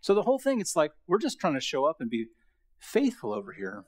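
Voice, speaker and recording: A man's voice: high-pitched, sing-song, brisk, gravelly, husky. A middle-aged man giving a Bible lecture to a college audience, talking in a casual, storytelling way with many fillers. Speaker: guest lecturer.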